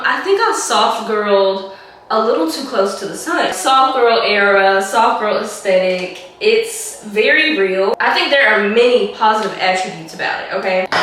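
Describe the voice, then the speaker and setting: A young woman, hoarse from a cold, chatting casually to camera in a rambling way that is full of "like". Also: on the high side, a bit bright, slight background noise. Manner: chatty, rambling, heavy use of "like". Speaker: vlogger. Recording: echoey room, mic at a distance.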